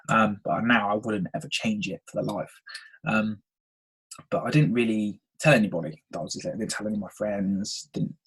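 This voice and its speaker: A man's voice: lowish voice, creaky, breathy edge, poor audio. A man, casually telling a personal story on his podcast and often checking in with "okay?". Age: 20s. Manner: chatty, frequent "um" and "okay?" check-ins. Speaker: podcast host.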